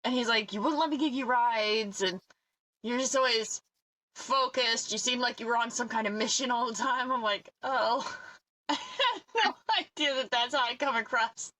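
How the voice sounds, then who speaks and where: A woman co-hosting a podcast in casual chat, blunt and animated as she tells stories. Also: on the high side, moderate pace, low-quality recording. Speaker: podcast co-host.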